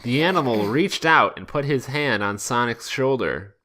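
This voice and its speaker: A man's voice: medium pitch, animated, normal speed, pushed and bright. A man hosting a podcast, doing a wry comic reading of fan fiction aloud. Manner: wry, breaks into laughter.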